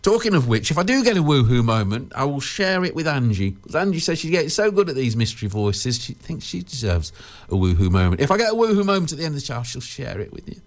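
British man, radio presenter, chatty and rambling, lively up-and-down voice. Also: medium pitch, fast. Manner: chatty, rambling, lots of fillers and restarts. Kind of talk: casual radio chat.

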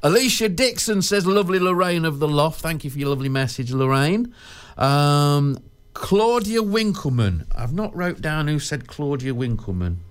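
A British man hosts a casual radio show. He chats in a loose, rambling way, full of fillers and restarts, and his pitch swings up and down as he goes. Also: expressive, normal speed, clear, resonant tone. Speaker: radio presenter.

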